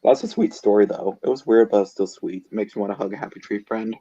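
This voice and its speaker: A man co-hosting an online show, reading fan fiction aloud haltingly, with small slips. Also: lowish voice, dark tone, lo-fi sound.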